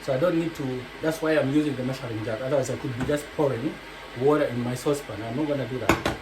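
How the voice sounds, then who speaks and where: A man's voice: medium pitch, quick pace. A man with a Kenyan accent giving a chatty, digressive home cooking tutorial from his kitchen, explaining each step. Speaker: home cook. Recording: echoey kitchen with faint noise.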